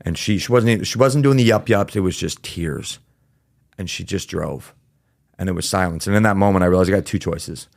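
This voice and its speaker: A man with a very low, gravelly voice speaks as a podcast guest. He talks in a casual, candid way, full of fillers and now and then a swear word. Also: fairly quick, dry recording, studio quality. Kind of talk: candid storytelling in a podcast interview.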